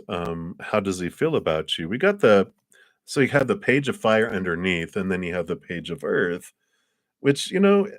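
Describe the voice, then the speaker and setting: A man giving a live tarot reading, musing his way through the cards with frequent soft chuckles and trailing pauses. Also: low-pitched, no echo, studio quality. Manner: musing, meandering, chuckles often. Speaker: tarot card reader.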